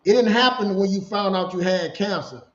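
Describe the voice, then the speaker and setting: A middle-aged man telling a personal story in casual conversation, animated and repeating himself as he talks. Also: sits high, normal speed. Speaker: podcast co-host sharing his story. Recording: roomy, dull lo-fi sound.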